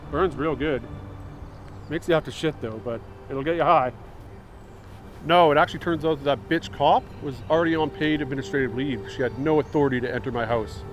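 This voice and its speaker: An actor playing a crude, foul-mouthed small-town drug dealer in a film drama, casual on the phone. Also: male voice, a little high, natural voice. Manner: crude and casual on the phone, then screaming and begging. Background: film score music.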